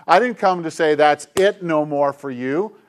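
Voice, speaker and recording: A middle-aged male pastor preaching a sermon with an emphatic, repetitive cadence, dropping at times into soft, hushed tones. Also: fairly high pitch, moderate pace. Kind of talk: sermon to a congregation with kids.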